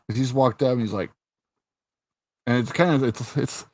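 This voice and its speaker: The recording has no room sound, and the man speaks at medium pitch and a moderate pace. As host of a casual chat, he animatedly retells scenes, swearing without restraint and laughing often.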